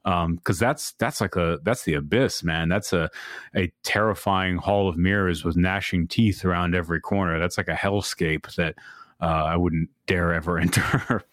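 A man's voice: low voice, fairly even intonation, normal speed, a bit bright, dry recording, studio quality. A man being interviewed about his book, talking in a laid-back way, full of fillers and the odd swear word. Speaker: podcast guest, author. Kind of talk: casual conversational interview.

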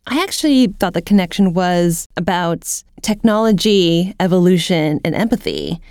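A woman's voice: lowish voice, very animated, moderate pace, darkish tone, smooth, no room sound, clean studio sound. A woman co-hosting a podcast, offering reflective, articulate thoughts in casual discussion. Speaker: podcast co-host.

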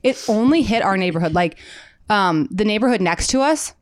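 A woman's voice: medium pitch, normal speed, dry recording. Midwestern woman in her thirties, co-host, mid-range voice, dry studio sound. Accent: Midwestern American. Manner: chatty, animated storytelling with frequent laughs. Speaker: podcast co-host. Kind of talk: casual chat.

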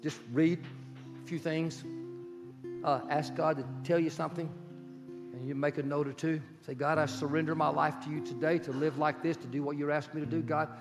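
A man in his sixties preaches to his congregation, his slightly high voice rising into urgent pleading before dropping to a hushed, prayerful softness. Gentle guitar plays beneath him, and his words ring out with a long reverb in a church sanctuary. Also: flat delivery, a little fast. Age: 60s. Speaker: pastor. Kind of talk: sermon. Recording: long hall reverb with guitar music behind. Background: soft guitar music.

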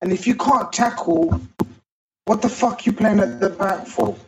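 A man talking football in a casual, animated chat, swearing and ranting. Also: sits high, measured pace, low-quality recording. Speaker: football podcast panelist.

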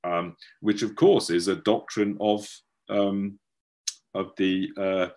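Male lecturer, very low voice, slow deliberate delivery, hesitant and full of restarts; video-call audio. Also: steady tone, a little mellow. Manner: halting, many fillers and restarts. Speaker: guest lecturer. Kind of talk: academic webinar lecture.

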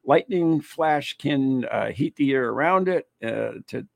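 A man from the United States hosting a casual chat, reading an article aloud haltingly with asides and laughter. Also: medium pitch, animated, vocal fry, dry recording. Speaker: host.

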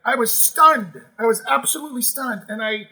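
High, bright-voiced animated male storyteller. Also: normal speed, husky, poor audio. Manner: animated, emotional storyteller with many restarts. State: moved to tears at times. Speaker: musical theatre performer, guest. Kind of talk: casual interview storytelling.

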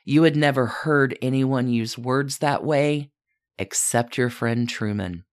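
Very low-voiced woman narrating a story. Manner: measured, addresses her subject as "you". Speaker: podcast narrator. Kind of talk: scripted narration.

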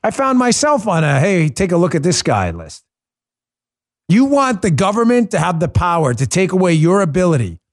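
A podcast host with a high-sitting voice runs a political talk show. He speaks in an impassioned, emphatic way, repeating words for stress.

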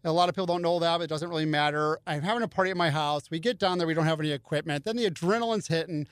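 A man's voice: on the high side, rapid-fire, clear, resonant tone, no echo, clean studio sound. A middle-aged man telling a story in a casual chat, and he acts out other people's lines in raised voices. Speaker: podcast guest.

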